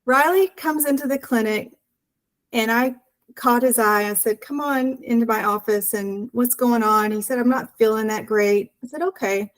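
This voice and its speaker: A woman's voice: on the high side, normal speed, poor audio. Earnest woman telling a personal story. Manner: earnest, animated storytelling with acted-out dialogue. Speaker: interview guest.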